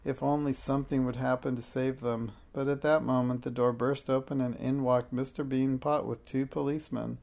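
A storyteller reads a children's tale aloud in a steady, expressive way. The voice sits at a middle pitch with a gravelly fry running through it. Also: normal speed, hardly any pauses.

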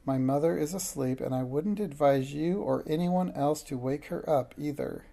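A man's voice: on the high side, normal speed, vocal fry, dark tone. A man reading aloud, voicing a bold, pert young witch girl who snaps back and sighs over her troubles. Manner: snappy and pert, sighing when worried.

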